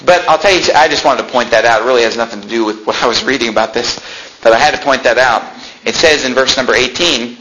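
This fast-talking preacher has a medium-pitched voice, captured on a rough recording with slight background noise. He reads verses in King James phrasing and brings his anecdotes to life by acting out the voices of the people involved.

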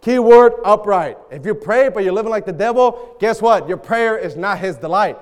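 A man preaching a sermon, animated and jokey, quizzing the congregation. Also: high voice, normal speed. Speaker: pastor. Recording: echoey church hall.

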